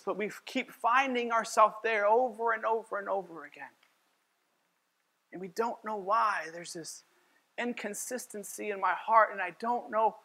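A man's voice: extremely high pitch, fairly bright tone. A man preaching as a pastor, telling a personal story in a conversational sermon and acting out his own lines.

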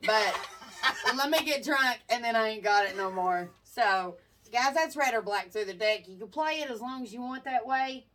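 A woman's voice: on the high side, normal speed, fairly bright tone, recorded from a distance, slight background noise. Crude, laughing woman podcaster. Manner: crude, joking, laughs often. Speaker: podcast host. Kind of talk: casual chat. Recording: voice from away from the mic.

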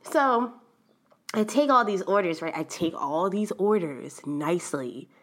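A young adult woman hosting a podcast, telling a story in a chatty, animated way and laughing often. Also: lowish voice, measured pace. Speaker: podcast host. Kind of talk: casual storytelling monologue.

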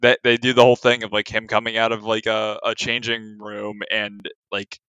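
Enthusiastic man with a bright, crisp voice. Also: fairly low pitch, level tone, normal speed, no echo, muffled recording. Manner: enthusiastic, laughs often while talking. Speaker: podcast co-host. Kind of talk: casual movie review chat.

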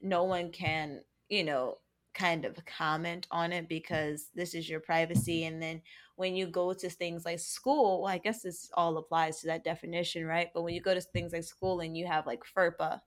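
A woman co-hosting a podcast in casual chat, animated and joking, often checking in with "right?". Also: lowish voice, moderate pace. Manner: animated and joking, with many tag questions. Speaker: podcast co-host.

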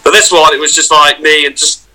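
A man who is an actor, telling festival stories in a casual podcast chat with lively, swearing anecdotes. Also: fairly high pitch, a little fast, poor audio. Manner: animated storyteller, swears, acts out loud voices in anecdotes. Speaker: guest, actor and vlogger.

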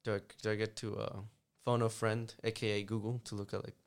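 A man talking politics in a casual, rambling chat, often halting and restarting mid-sentence. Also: lowish voice, flat delivery, smooth.

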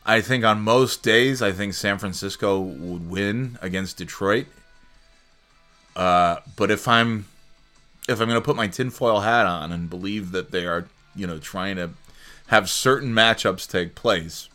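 A man's voice: on the low side, unhurried, bright, forceful tone, faint music behind. A man hosting a casual solo sports talk show, rambling and joking with many fillers and restarts. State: sleepy, yawning. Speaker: sports podcast host.

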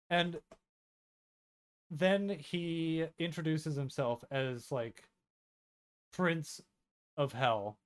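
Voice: mid-range voice, very slow, pauses often. A podcast co-host chatting casually about a book in a blunt, profane, sardonic way. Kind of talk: casual book-club chat.

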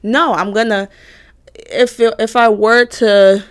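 A woman's voice: on the high side, slow, clean tone. A woman in her twenties, a college student telling a heated storytime, swearing and ranting with mocking asides. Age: 20s. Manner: animated, profane, heated, mocking voices of others.

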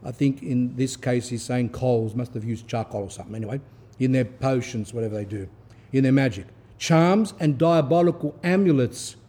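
Stern priestly man with a mellow voice. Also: medium pitch, fairly even intonation, fairly quick, husky. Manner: stern, forceful reading broken by asides. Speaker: Orthodox priest giving a talk. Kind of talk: sermon reading a text with commentary.

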